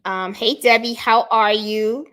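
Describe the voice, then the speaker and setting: A woman's voice: a little high, steady tone, unhurried, fairly bright tone. A woman from Puerto Rico hosting a casual craft livestream, chatting and greeting viewers by name as she reads their comments. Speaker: craft channel host.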